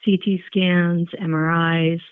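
A woman in her sixties, interviewed as a patient, slowly and reflectively recounting her experience. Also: lowish voice, little pitch movement, clean tone, no echo. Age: 60s. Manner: slow, reflective storytelling. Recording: phone line.

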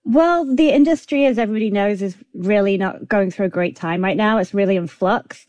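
A woman guest with a mid-pitched voice, talking through her answers in a chatty way. She fills her sentences with "like" and "kind of". The sound is dry and close. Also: fairly quick, a little mellow, no room sound. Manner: chatty, with many "like" and "kind of" fillers. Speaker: guest screenwriter. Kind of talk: interview answers.

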